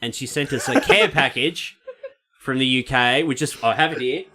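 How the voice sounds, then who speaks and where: A man's voice: medium pitch, moderate pace, bright, forceful tone. A man hosting a casual podcast, joking and bantering with his co-hosts. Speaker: podcast host.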